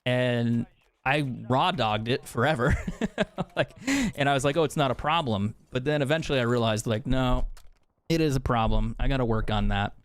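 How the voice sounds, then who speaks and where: A young man streams a game and chats openly with his viewers. His voice sits at a mid pitch. His talk is loose and profane, with frequent laughs. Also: clear, resonant tone. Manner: candid, profane, laughs often. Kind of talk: casual chat with stream viewers while gaming.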